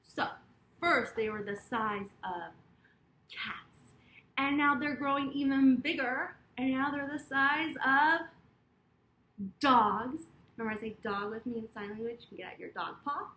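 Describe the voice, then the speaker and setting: A woman's voice: a little high, lively intonation, normal speed, fairly bright tone, slight background noise. A woman reading a picture book aloud to children, sing-song and encouraging, guiding them through yoga poses and sign language. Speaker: children's storyteller and yoga teacher. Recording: echoey room.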